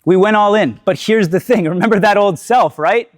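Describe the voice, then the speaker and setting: A man delivering a motivational talk to a live audience in a slightly high voice. He tells his story candidly, swears freely, and keeps checking in with the crowd with "right?" The sound is dry and close. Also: moderate pace, no room sound. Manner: storytelling, often tags lines with "right?". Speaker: speaker giving a talk.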